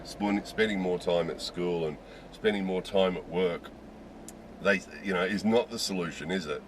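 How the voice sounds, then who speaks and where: A man's voice: low-pitched, a bit bright, slight background noise, poor audio. A middle-aged man with an Australian accent, talking casually and candidly to camera, rambling with lots of "you know"s. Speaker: video host. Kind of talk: casual opinion talk.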